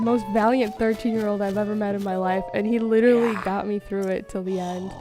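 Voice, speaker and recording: A young woman chatting on a gaming stream, her voice sitting at an ordinary middle pitch. She tells her story in a loose, animated way, full of fillers and quick laughs. Soft music plays faintly behind her.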